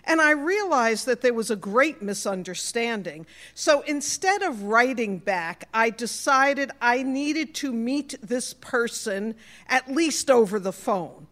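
A woman pastor with a New York accent delivers a sermon at an unhurried pace. Her voice sits a little high, and she tells stories in a warm, personal way. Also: expressive.

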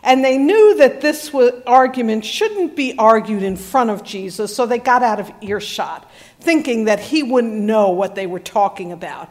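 Woman pastor preaching, chatty storytelling, a bit high, wry jokes. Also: expressive, moderate pace. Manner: conversational storytelling, wry humor. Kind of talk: sermon.

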